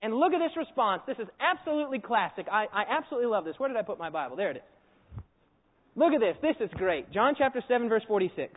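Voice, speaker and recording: Male preacher, high bright voice, animated storyteller, phone-quality audio with long hall reverb. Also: fast. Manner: animated storytelling, acts out scenes and quizzes the audience. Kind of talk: sermon. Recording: echoey hall over a tinny phone-like line.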